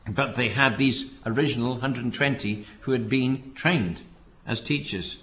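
A man preaching a sermon in an earnest way, often repeating words and rising to emphatic calls to hold fast. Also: medium pitch, fairly bright tone. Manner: earnest, repeats phrases, rises to emphatic exhortation.

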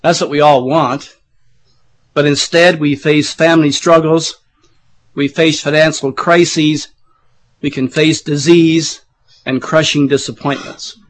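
Middle-aged guy preaching, voice going on him, keeps clearing his throat, kinda higher pitched, talks to the folks like a chat. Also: steady tone, slow, poor audio. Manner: conversational preaching with asides to the congregation. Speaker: pastor. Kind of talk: sermon.

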